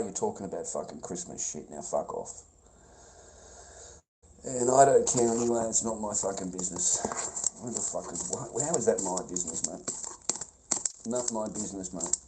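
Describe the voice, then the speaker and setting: Man, live stream to chat, mellow dark tone, faint background hiss, confrontational and profane. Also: animated, normal speed, long pauses, poor audio. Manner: profane, confrontational, calls everyone mate and brother; trails off into low mumbling. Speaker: livestreamer.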